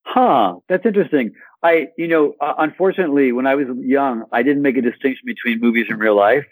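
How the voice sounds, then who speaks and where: Expressive guest storyteller, man, mid pitch, dry close sound. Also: fairly quick, no echo, low-quality recording. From Michigan, USA. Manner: animated storyteller, playful acted-out asides. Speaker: guest actor. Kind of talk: podcast interview.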